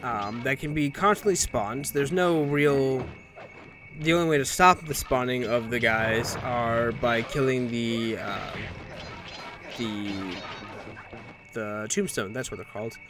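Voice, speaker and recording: A man's voice: mid-range voice, takes it slowly. Rambling, jokey man narrating a game. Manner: rambling, jokey, swears, self-corrects. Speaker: let's play commentator. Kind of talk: casual gameplay commentary. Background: game music.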